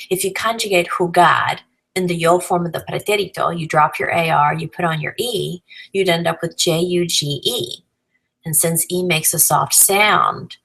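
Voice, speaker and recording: A woman's voice: fairly low pitch, vocal fry, fairly bright tone, breathy edge, low-quality recording. A woman teacher explaining grammar patiently, step by step, spelling out letters as she goes. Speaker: Spanish teacher. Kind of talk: recorded grammar lesson.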